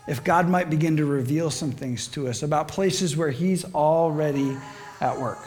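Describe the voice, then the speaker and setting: A man preaching a sermon, animated and conversational, asking the congregation questions and acting out voices in his stories. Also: on the high side, moderate pace.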